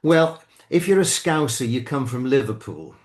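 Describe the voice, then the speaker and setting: An older Englishman with a British accent chats casually as a guest commentator, his mid-range voice expressive. He speaks haltingly, often restarting and correcting himself.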